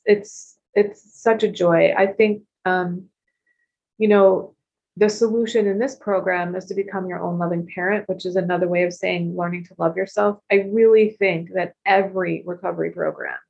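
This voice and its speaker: A woman in her fifties sharing her recovery story frankly and expressively, with casual swearing and quick asides. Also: fairly low pitch, vocal fry, a little mellow. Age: 50s. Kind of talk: candid personal testimony. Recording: dull lo-fi recording.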